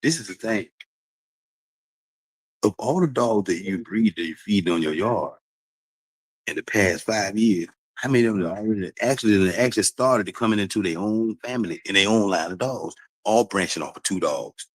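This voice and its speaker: A man's voice: fairly low pitch, moderate pace, breathy edge, dry recording, low-quality recording. A man talking casually and repetitively to his stream audience, with frequent laughs. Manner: animated, repetitive, preachy, laughs often. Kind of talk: casual livestream talk.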